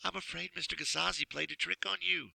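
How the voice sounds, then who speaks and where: A man putting on a kind older lady in a storybook, raising his voice into a soft, soothing lilt. The sound is bright and close, with a dry, intimate feel. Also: mid-range voice, normal speed, gravelly, no echo, poor audio. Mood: gentle reassurance. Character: kindly older woman, gently amused.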